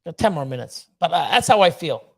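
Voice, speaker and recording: Man, high voice, blunt, swearing a lot, fired-up livestream rant. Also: very animated, fairly quick, creaky, a little mellow. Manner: blunt, profane, fired-up motivational ranting. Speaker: snake breeder hosting a livestream.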